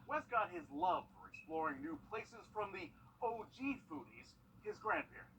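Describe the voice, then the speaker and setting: A man's voice: high voice, sing-song, moderate pace, fairly bright tone, far from the mic, slight background noise, low-quality recording. A man narrating a lighthearted news feature in an upbeat storytelling manner. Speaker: news reporter.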